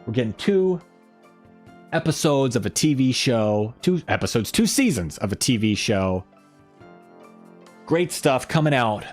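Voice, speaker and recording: A man hosting a casual live stream at a middle pitch. He rambles freely and reads out viewer comments as they come in. Faint music plays underneath.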